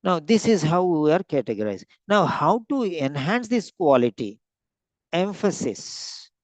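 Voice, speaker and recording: A man teaching vocabulary in an online lesson, slowly repeating and stretching out each word for emphasis. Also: on the high side, big pitch swings, no room sound. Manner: slow, repeats words, stretches them out to stress them. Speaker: English teacher.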